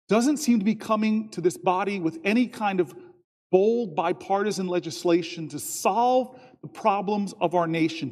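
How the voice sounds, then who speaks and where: A man in his fifties giving a long floor speech as a senator, telling a story and quoting others in lively voices. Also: high-pitched. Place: large legislative chamber. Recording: long reverb from a large chamber.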